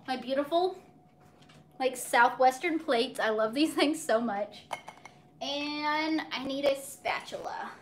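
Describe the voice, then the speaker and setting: Her high voice comes slowly, with a bit of hiss or hum on the recording, as a young woman cooks live in her home kitchen. Filmed on a phone on a tripod, she's chatty and bubbly, addressing both viewers and her dog.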